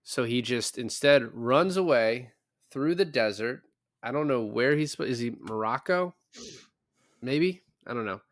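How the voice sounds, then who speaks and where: A man talks through a movie scene by scene on a podcast, rambling and cracking jokes. His voice sits at an ordinary pitch and the sound is dry and close. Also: expressive, measured pace, dry recording. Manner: rambling, jokey, acts out characters' lines. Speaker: podcast co-host. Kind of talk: casual movie review chat.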